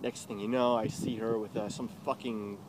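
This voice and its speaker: A man telling a personal story in an animated, heavily profane way, acting out what people said in raised voices. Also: moderate pace. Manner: swears constantly, acts out quotes in high voices. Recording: loud background noise.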